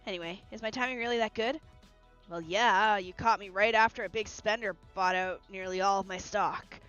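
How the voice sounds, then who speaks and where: A woman's voice: mid-range voice, fairly even intonation, moderate pace, a bit bright, smooth, close to an everyday voice. A woman reading aloud the lines of a friendly, chatty food-stand vendor, over faint music on a lo-fi recording. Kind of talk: reading game dialogue aloud.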